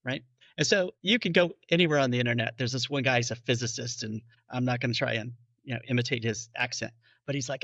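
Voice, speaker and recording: A man's voice: medium pitch, fast, vocal fry, a bit bright, dry recording, dull audio. A man who is a bariatric physician, patiently explaining in a podcast interview and acting out his patients' questions.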